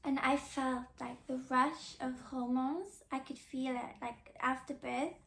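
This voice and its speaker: A young woman talks casually on her podcast in a high, slightly gravelly voice. She rambles, restarts her sentences and fills them with fillers. The room around her sounds echoey. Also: steady tone, unhurried, a bit bright. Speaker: podcast host. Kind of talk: casual chat.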